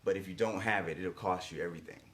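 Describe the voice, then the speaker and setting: Here the same kind of coaching talk comes from a man with a low, slightly bright voice who talks fast. He hammers his points home with emphasis, says the important lines more than once, and tosses in rhetorical "right?" checks.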